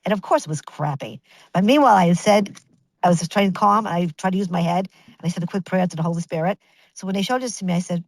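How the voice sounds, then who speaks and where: A woman in her fifties telling her story as a guest in an interview, animated and chatty, restarting sentences and acting out what others said. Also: lowish voice, quick pace, no echo, low-quality recording. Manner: animated, chatty, with many restarts and acted-out quotes.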